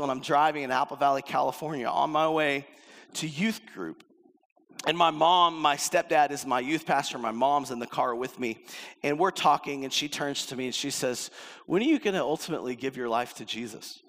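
A man's voice: fairly high pitch, normal speed, a bit bright. A middle-aged male pastor preaching a sermon in a conversational way, acting out quoted lines as he tells a story. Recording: long hall reverb.

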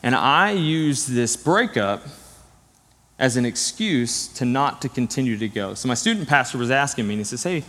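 A man's voice: medium pitch, expressive, moderate pace, a bit bright. A middle-aged man preaching a conversational sermon to his church, earnest and direct, weaving in personal stories. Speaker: pastor. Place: church sanctuary. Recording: long church hall reverb.

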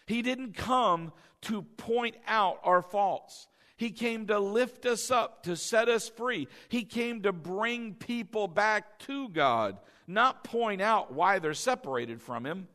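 A male pastor preaching a sermon, asking the congregation questions and calling for responses, moving between loud cries and soft, tender passages. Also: sits high.

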